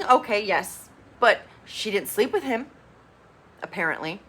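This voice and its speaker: Woman, TV reviewer, casual recap, blunt, expressive, bright voice. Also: medium pitch, a little slow, husky. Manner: blunt, expressive, swears freely. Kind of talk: casual reality-show recap.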